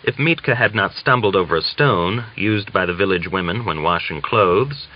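A man with a low voice reads a novel aloud in a measured, even storytelling manner. The recording is dull and lo-fi, like an older audiobook transfer. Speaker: audiobook narrator. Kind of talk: scripted narration of a novel.

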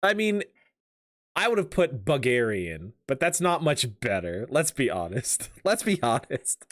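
Give me an excitable, playful man streaming a game, with a very lively voice. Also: mid-range voice, unhurried, no room sound. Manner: playful, laughs a lot, excitable. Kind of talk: casual let's-play commentary. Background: faint game music.

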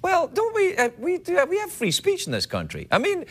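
High, lively man doing a comedy monologue. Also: fairly quick. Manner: animated, jokey, self-mocking asides. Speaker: late-night talk show host. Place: TV studio with live audience. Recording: loud studio audience laughter and noise.

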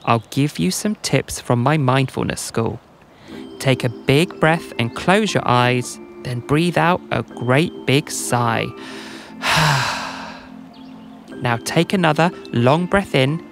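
Guy doing a chill little guru bug, super slow and calm, bedtime story with soft music. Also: mid-range voice, gravelly. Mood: mellow, soothing. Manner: mellow, drawn-out, calming. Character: laid-back male mindfulness ladybug guru.

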